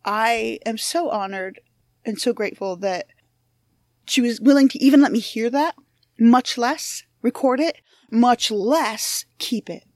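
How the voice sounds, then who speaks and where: A woman's voice: fairly high pitch, darkish tone, no echo, clean studio sound. A woman hosting a true-crime podcast, talking casually and frankly, with plenty of swearing and self-deprecating asides. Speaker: podcast host. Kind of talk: casual monologue intro.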